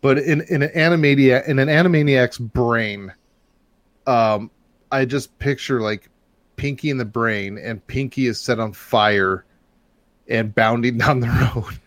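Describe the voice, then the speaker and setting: Rambling, excitable male storyteller. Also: medium pitch, a little slow, no echo. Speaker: podcast host telling a story. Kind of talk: casual chat.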